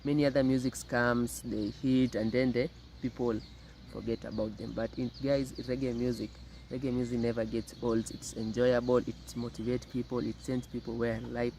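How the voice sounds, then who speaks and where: A man hosting a reaction video, talking to camera in a halting, repetitive way and often calling the viewers "guys". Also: mid-range voice, level tone, dark tone, slight background noise. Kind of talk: casual commentary to camera.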